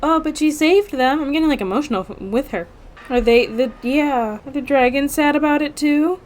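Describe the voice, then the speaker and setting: A woman hosting a reaction video, commenting casually and excitably, gasping and talking to the screen. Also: sits high, moderate pace.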